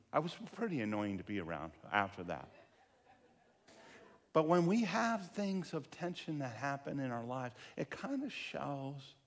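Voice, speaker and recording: Animated storytelling pastor, a man. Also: mid-range voice. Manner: animated storyteller, acts out quotes, drops to a near-murmur for asides. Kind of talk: sermon with storytelling.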